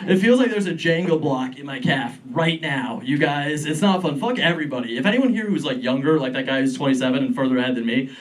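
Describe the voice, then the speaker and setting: This young comic rambles through a club set, laughing at his own material while the audience laughs along. He speaks quickly with lively intonation and few pauses, at medium pitch, sounding far from the mic.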